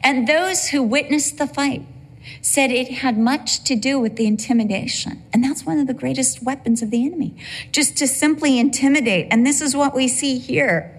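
A woman's voice: sits high, moderate pace. An older woman preaching a sermon, emphatic, with humorous asides.

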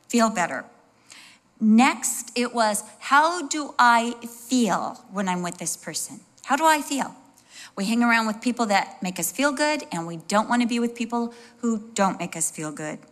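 A middle-aged woman preaching a sermon in a conversational, expressive way, with personal asides and small acted-out voices. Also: medium pitch.

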